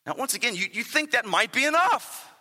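Animated high-voiced male preacher. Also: a little fast, big-room sound. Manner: animated, stammering restarts, rhetorical "right?". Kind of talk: sermon.

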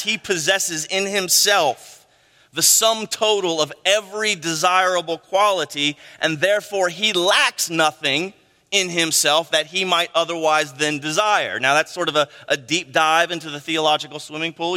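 A middle-aged man preaching a sermon, animated, with frequent "right?" asides to the congregation. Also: fairly high pitch. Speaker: pastor. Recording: long hall reverb.

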